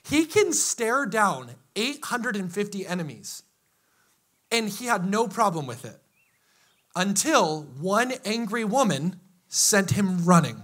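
A male pastor preaching a lively, joking sermon, acting out scenes from the story as he goes. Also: sits high, takes it slowly. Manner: animated, joking storyteller who acts out biblical dialogue. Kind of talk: energetic sermon.

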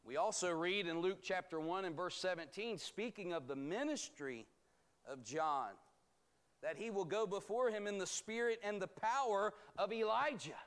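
A man teaching a bible study as pastor, reading scripture aloud and explaining it in a measured, emphatic way. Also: sits high, a bit bright, smooth. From United States.

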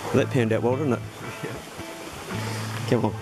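A man's voice: mid-range voice, steady tone, slow, over music. An older man with a New Zealand accent, chatting casually while hunting outdoors with his dogs. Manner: laid-back, chatty, bursts into loud praise for his dogs. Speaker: pig hunter and channel host. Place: outdoors in hill bush country.

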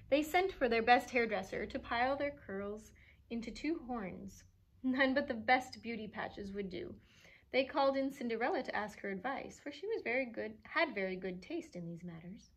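Children's librarian at story time: expressive, animated reader, slightly high voice. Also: female voice, moderate pace. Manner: expressive, animated, chuckling at the pictures. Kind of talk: reading a storybook aloud to children.

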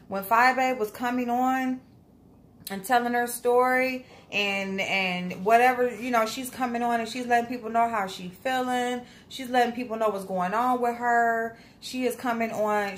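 A woman's voice: fairly high pitch, a little hiss or hum. Blunt woman ranting casually. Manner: blunt, scolding, profane. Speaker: commentary vlogger. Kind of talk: casual commentary rant.

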